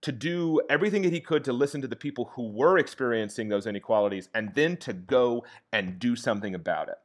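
A man's voice: mid-range voice, quick pace. Man retelling a story casually. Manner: animated retelling with frequent "like" and "okay?" check-ins.

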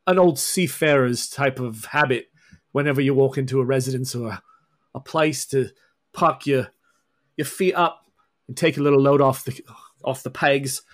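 A man's voice: medium pitch, moderate pace, close to an everyday voice. Man putting on a wry Scottish vampire woman. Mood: sheepish. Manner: folksy, teasing drawl. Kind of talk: tabletop role-play voicing.

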